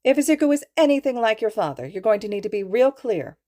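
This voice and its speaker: A woman reading aloud, voicing a brash, teasing middle-aged mother who talks loudly and gleefully. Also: lowish voice, animated, a little fast. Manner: loud and gleeful.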